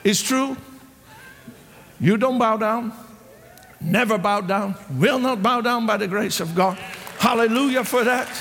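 Man, preacher, high voice, impassioned sermon, reverberant hall. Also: unhurried, vocal fry, long pauses, fairly bright tone, a faint crowd, slight background noise. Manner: impassioned, exclaims and voices the characters.

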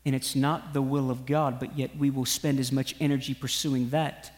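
A man preaching a sermon, retelling a story with animated exhortation to his listeners and viewers. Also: mid-range voice, moderate pace, few pauses. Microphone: broadcast to online viewers. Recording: long hall reverb.

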